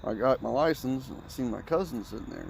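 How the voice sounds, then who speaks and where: A man's voice: mid-range voice, a little fast, gravelly, a little hiss or hum, rough recording. Rambling, profane man telling stories. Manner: rambling, profane, animated retelling. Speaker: storyteller. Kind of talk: casual storytelling.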